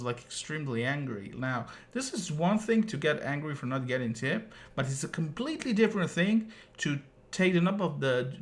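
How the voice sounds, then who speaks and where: A man's voice: a little high, fairly bright tone. A male streamer telling a personal story in a casual, rambling way, full of filler words and the odd curse.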